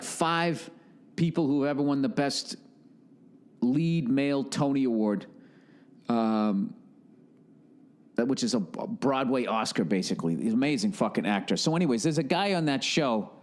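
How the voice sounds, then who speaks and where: A man hosting a podcast in a rambling, casual monologue, talking bluntly and profanely in an animated way. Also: mid-range voice. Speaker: podcast host.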